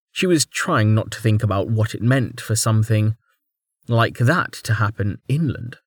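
A man narrating an audiobook chapter in a measured, even storytelling manner. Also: lowish voice, no room sound, studio quality. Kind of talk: scripted narration.

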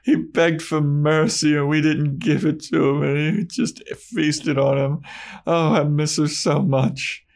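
A man voicing a cocky, lovesick male vampire who whines and swears, in a higher voice than his own. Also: steady tone, a little slow, gravelly. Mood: petulant. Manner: whiny, brash, swearing.

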